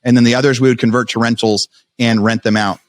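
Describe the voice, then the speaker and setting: A man as a podcast guest, telling his story in a fast, animated way with many restarts. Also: mid-range voice, no echo, studio quality. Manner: fast, animated retelling with frequent restarts and quoted self-talk.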